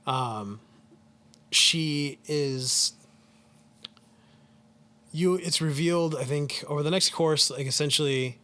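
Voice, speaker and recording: A man's voice: on the high side, slow, pauses often, pushed and bright. Rambling man recapping a movie. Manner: rambling, leans heavily on "like" and "um". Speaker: podcast co-host. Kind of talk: casual chat retelling a film plot.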